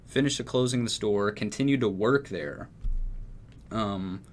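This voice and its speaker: A man's voice: fairly low pitch, unhurried. A young man from Texas telling a story in casual chat, rambling and swearing freely. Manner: profane, rambling, laid-back. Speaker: music producer.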